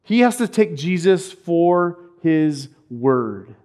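A man preaching a sermon, animated and acting out the voices he quotes. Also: a little high, slow. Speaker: pastor.

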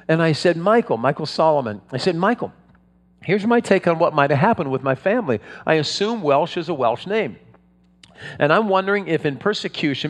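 A man preaching a sermon, telling stories in a conversational way with frequent restarts. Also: on the high side. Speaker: pastor. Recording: long hall reverb.

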